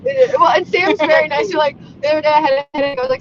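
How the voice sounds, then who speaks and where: A woman co-hosting by phone while she drives, loud and gushing, swearing and laughing as she chats. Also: high voice, sing-song, racing, few pauses, lo-fi sound. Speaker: podcast co-host calling in. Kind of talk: casual chat while driving. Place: in a car. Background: road noise.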